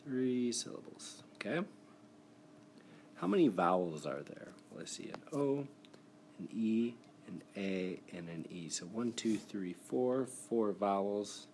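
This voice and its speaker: A man's voice: fairly low pitch, expressive, slow, a little mellow, a little hiss or hum. A man recording a screencast spelling lesson, explaining the steps in an encouraging, patient way. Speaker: teacher. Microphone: device mic for screen recording.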